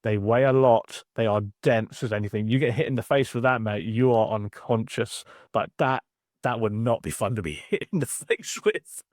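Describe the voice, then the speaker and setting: A relaxed man with a London accent chats as a guest on a podcast. His voice sits at an ordinary pitch and is recorded dry and close. He often answers with an easy yeah. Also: normal speed, dry recording. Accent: London English. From England. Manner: laid-back, frequent agreeing "yeah". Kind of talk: casual chat.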